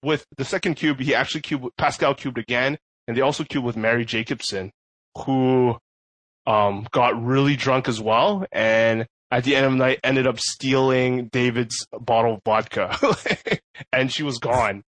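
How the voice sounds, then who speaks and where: A man's voice: medium pitch, fairly even intonation, normal speed, a bit bright, no room sound. A man telling a story in a casual podcast chat, rambling with many fillers and laughing often. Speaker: podcast co-host.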